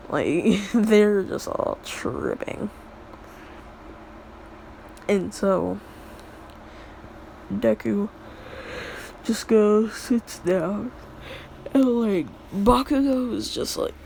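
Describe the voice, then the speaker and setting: A woman's voice: mid-range voice, expressive, very slow, gravelly, pauses often, darkish tone, a little hiss or hum. Rambling young woman telling a story. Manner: rambling, filler-heavy, laughs at own jokes. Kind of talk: casual fan-story retelling.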